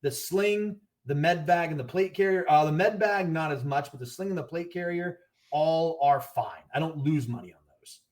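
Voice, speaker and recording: A man's voice: a little high, normal speed, darkish tone. A man talking casually as a podcast guest, rambling and restarting as he explains his products and pricing. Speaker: gear brand owner, podcast guest.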